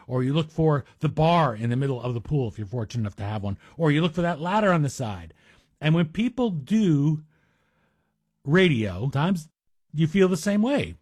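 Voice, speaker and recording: A middle-aged man hosts a talk radio monologue in a husky, slightly raised voice. He talks in a chatty, wry way full of self-deprecating asides, recorded close on a dry studio microphone. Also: a little high, a little mellow, dry recording. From Greek heritage. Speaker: radio guest host.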